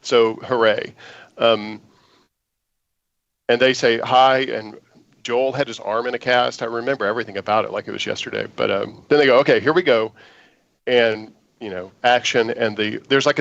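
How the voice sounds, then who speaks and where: A man, an actor guest, telling an animated audition story in an interview and acting out the lines he quotes. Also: medium pitch, normal speed, vocal fry, no room sound, lo-fi sound.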